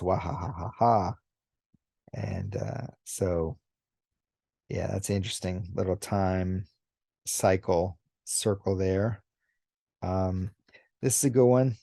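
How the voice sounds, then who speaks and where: A man hosting a casual commentary video, talking in a relaxed, unhurried way with many fillers and now and then acting out characters' lines. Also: fairly low pitch, no echo, studio quality. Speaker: YouTube host discussing manga.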